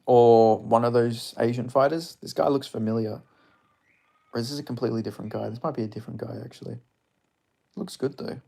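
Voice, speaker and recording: Gravelly excitable man. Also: mid-range voice, fairly quick. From Australia. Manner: excitable, swearing, chatty reactions. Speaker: streamer. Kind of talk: live fight watch-along commentary.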